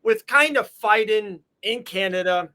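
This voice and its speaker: A man's voice: high voice, unhurried, pushed and bright, clear, resonant tone. A man from Florida hosting a podcast, asking long rambling, enthusiastic questions. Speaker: podcast host. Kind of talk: casual interview.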